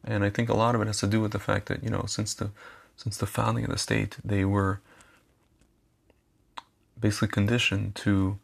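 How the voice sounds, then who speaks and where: A man's voice: lowish voice, level tone, normal speed, gravelly, long pauses. A man talking casually straight to his viewers as a commentator, chatty, repeating phrases and calling them his friends. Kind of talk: casual direct-to-camera monologue.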